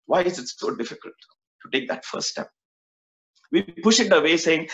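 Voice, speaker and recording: A man's voice: on the high side, animated, normal speed, pauses often, fairly bright tone. A man telling a spiritual story in an earnest, musing way, repeating words for emphasis. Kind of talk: reflective storytelling talk. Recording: dull lo-fi recording.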